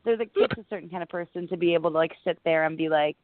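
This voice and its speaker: Guest comedian, young woman, chatty and animated storyteller; dry, tinny phone-like sound. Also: lowish voice, very fast, no room sound. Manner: chatty, animated, lots of "like" fillers. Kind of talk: casual interview storytelling.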